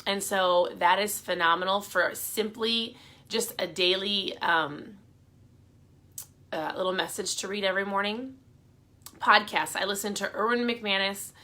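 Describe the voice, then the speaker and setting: A middle-aged woman talks to her viewers in a casual, encouraging way. Her voice is bright and forward, and her pitch sits in an ordinary middle range. She sounds chatty and upbeat as she hands out motivational tips. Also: a little slow. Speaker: vlogger giving motivational advice. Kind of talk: casual motivational talk to camera.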